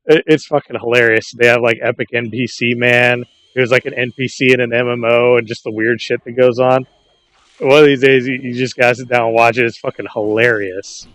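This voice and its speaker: A man chatting casually with friends while playing an online game, swearing freely and telling stories at a relaxed pace. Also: mid-range voice. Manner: profane, laid-back storytelling. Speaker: gamer in a group. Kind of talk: casual voice chat while gaming.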